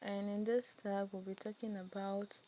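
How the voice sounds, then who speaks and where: A woman teaching a coding tutorial, dictating slowly as she types and repeating phrases. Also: mid-range voice, level tone, warm tone, lo-fi sound, slight background noise. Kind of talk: screen-recorded coding tutorial.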